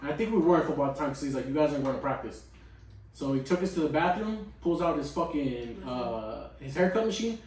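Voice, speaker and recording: A man on a podcast telling a story in a casual, profane, animated way. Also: a little high, fast talker, hardly any pauses. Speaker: podcast guest. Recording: echoey room, distant mic.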